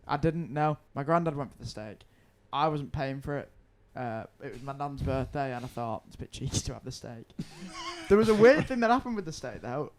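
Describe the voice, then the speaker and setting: A man's voice: mid-range voice, animated, moderate pace, few pauses, slight background noise. A young man telling a long anecdote on a podcast, rambling, swearing and laughing. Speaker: podcast co-host. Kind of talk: casual chat, storytelling.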